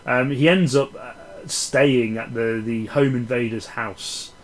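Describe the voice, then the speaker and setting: Englishman reviewing films, profane and sardonic, rambling delivery, average pitch. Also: fairly even intonation, takes it slowly, poor audio. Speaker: film reviewer. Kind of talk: casual ranting film review.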